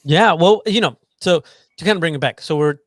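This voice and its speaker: Male podcast co-host, upbeat teasing chat, slightly higher voice, dry sound. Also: fairly quick, no echo. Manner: lively, teasing, explanatory. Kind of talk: casual chat.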